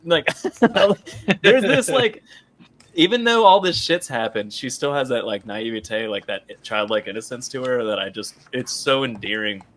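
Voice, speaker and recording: A man's voice: mid-range voice, animated, moderate pace, fairly bright tone. A man co-hosting a casual podcast about a comic book, talking animatedly, laughing often and acting out quoted lines. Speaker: podcast co-host.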